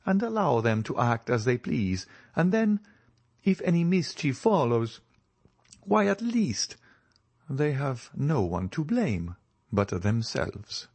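A man reading an audiobook and voicing a suave, ironic nobleman count with a smooth, measured, faintly mocking delivery. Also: mid-range voice, very animated, a little mellow, dry recording, pitched above the performer's own voice, heavily acted. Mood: wry.

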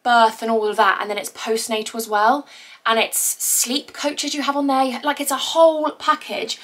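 A woman's voice: on the high side, fairly bright tone. A young woman chatting casually to camera at home, bubbly and rambling, a little out of breath. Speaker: vlogger. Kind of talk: casual vlog chat. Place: at home indoors.

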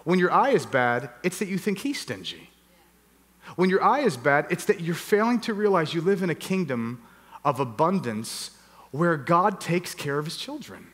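A man's voice: fairly high pitch, very animated, normal speed, a bit bright. A middle-aged man preaching a sermon, telling a personal story and acting out his own reactions with animation. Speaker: pastor. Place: church hall. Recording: long reverb of a church hall.

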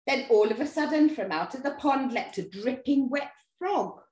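A woman storyteller reading a picture book aloud to young children, expressive and engaging. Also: high-pitched, moderate pace, roomy sound. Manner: expressive, talks to young listeners. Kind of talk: animated read-aloud for children.

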